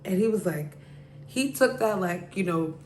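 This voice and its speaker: Slightly slow and a little mellow, her mid-range voice stays expressive as she hosts her podcast and rambles through a casual story loaded with "like" and "you know." There's slight background noise and the room is echoey.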